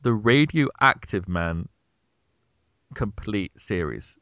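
Low gravelly British man telling stories. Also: takes it slowly, no room sound, highs cut off. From Britain. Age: 30s. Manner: animated storyteller, acts out quotes with big pitch jumps. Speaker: podcast co-host. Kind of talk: casual storytelling chat.

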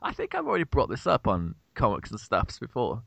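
A young man co-hosting a podcast, telling an animated, swearing story in casual chat. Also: medium pitch, a little fast, vocal fry, no room sound. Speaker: podcast co-host.

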